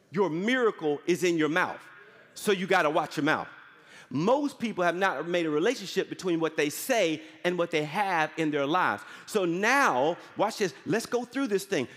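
A man preaching a sermon as pastor with energetic call-and-response, prompting the congregation often. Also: high-pitched, long reverb tail. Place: large church hall.

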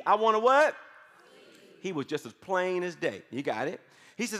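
Male pastor, animated call-and-response sermon, high voice, ringing hall. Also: unhurried. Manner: lively, call-and-response preaching. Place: church sanctuary. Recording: long reverb of a church hall.

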